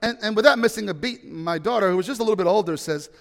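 A man preaching a dynamic sermon with a high, ringing voice. He moves from rising proclamations to quiet storytelling, and his words trail off into the long reverb of a big hall. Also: fast, gravelly. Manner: dynamic preaching, swings from loud to hushed storytelling. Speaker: pastor.

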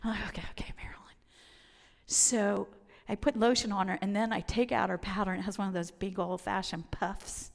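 A woman telling a humorous personal faith story, lively and self-mocking, acting out the voices of the people in it. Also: medium pitch, moderate pace, gravelly. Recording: long hall reverb.

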